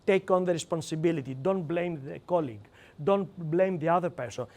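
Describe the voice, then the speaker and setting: A man with a Greek accent leading a live seminar, emphatic and animated, acting out quoted lines and calling on audience members by name. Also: a little high, brisk, vocal fry. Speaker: seminar trainer.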